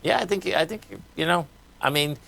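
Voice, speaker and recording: A man's voice: on the high side, normal speed, vocal fry, fairly bright tone. A man with a Boston accent hosting a live radio market show, talking casually and folksily as he reads numbers off charts. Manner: casual, folksy, talks while reading charts.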